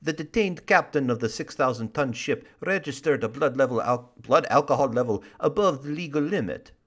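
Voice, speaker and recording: A man's voice: mid-range voice, animated, moderate pace, pitched above the performer's own voice, natural voice. A man putting on a mock Russian accent to read a news story in a hammy, over-the-top way. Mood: mock-serious.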